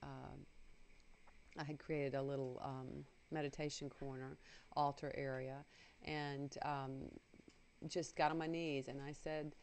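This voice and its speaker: A middle-aged woman telling a personal spiritual story on the radio, earnest and halting, with many fillers and restarts. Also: extremely low pitch, level tone, a little mellow, slight background noise.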